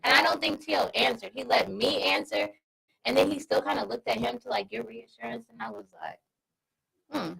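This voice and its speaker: A woman's voice: on the high side, brisk, creaky, a bit bright, slightly rough, poor audio. A woman on a podcast recounting a moment of disrespect, indignant and profane. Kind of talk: casual storytelling.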